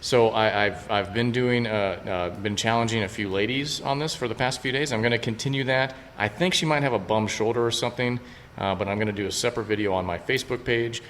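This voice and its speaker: A man's voice: medium pitch, steady tone, a little fast, a bit bright, big-room sound, a little hiss or hum. A man co-hosting a boxing podcast, talking in a laid-back, wry and opinionated way. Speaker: podcast co-host, youth football assistant coach. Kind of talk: casual chat.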